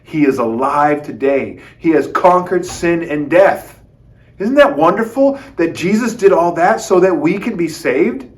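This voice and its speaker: A man with a fairly high voice tells a children's Bible story. He talks straight to the kids and acts out the quoted lines. His delivery is lively and expressive. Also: unhurried.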